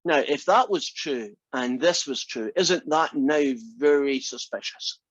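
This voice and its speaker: Questioning math teacher lecturing a class. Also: male voice, on the high side, a little slow, no room sound, dull audio. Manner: asks the class many rhetorical questions. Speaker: math instructor.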